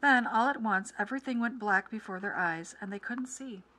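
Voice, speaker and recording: A woman teacher reading a children's book aloud with clear, expressive storytelling, then going over quiz questions. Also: a little high, normal speed.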